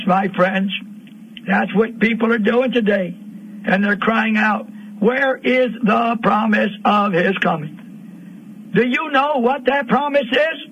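A man preaching a fiery radio sermon, repeating lines and rising to shouts. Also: very high-pitched. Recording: dull lo-fi radio broadcast.

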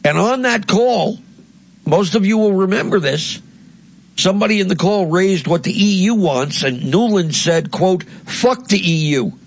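Heated, husky-voiced male commentator. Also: expressive, a little slow, dry recording. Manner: heated, blunt and crude, mocking, with sweeping pitch swings. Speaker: political commentator. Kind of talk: impassioned monologue.

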